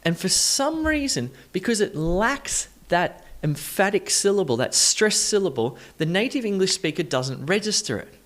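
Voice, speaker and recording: Lively, emphatic male English teacher. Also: high voice, normal speed, hardly any pauses. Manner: emphatic, enthusiastic, stresses words to demonstrate. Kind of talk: online English lesson.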